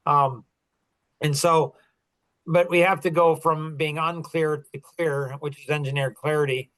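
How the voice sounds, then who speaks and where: A man's voice: fairly high pitch, steady tone, unhurried, fairly bright tone, no echo, rough recording. A middle-aged man coaching in a casual chat, rambling through stories with many fillers and restarts. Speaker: business coach and podcast host.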